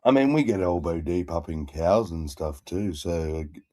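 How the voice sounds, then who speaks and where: A man's voice: deep voice, animated, normal speed, warm tone, dry recording, studio quality. A man hosting a casual chat in a crude, rambling, laid-back manner. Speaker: stream host.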